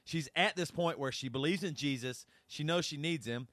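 A man's voice: on the high side, moderate pace, a bit bright, dry recording. A man co-hosting a podcast, chatting casually with a joking manner. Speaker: podcast co-host.

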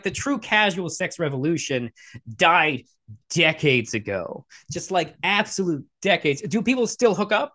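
A young man giving blunt, sarcastic reaction commentary, swearing freely and talking in quick restarts. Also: high-pitched. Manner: blunt, profane, sarcastic, animated. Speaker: commentator reacting to video clips.

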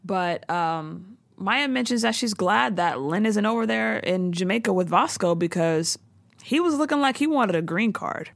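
A New woman talking slangy and animated, her voice swinging high and low as she recaps a story. The sound is dry and close to the mic with no room around it. She keeps the chat loose and laughs often. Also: moderate pace, gravelly, dry recording. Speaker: podcast co-host recapping a TV show. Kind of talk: casual chat.

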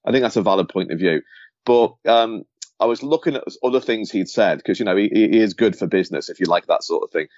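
Fast-talking man telling football anecdotes. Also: lowish voice, a little mellow, dry recording, lo-fi sound. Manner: rambling storyteller with many restarts. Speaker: podcast co-host, former football journalist. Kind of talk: casual chat, anecdote telling.

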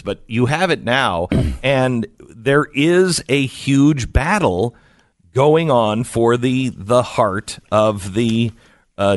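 Man, radio talk host, middle-aged, animated sing-song delivery, wry self-mocking storyteller, dry close mic. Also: mid-range voice, no echo. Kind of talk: casual talk radio chat.

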